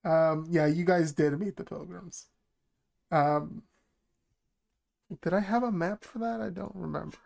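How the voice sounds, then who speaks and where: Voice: medium pitch, a little slow, creaky, pauses often, darkish tone. A game master running a tabletop session, speaking in a laid-back, hesitant way with many ums.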